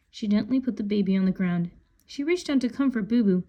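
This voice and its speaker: Calm woman reading a children's book. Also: medium pitch, brisk. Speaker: storybook reader.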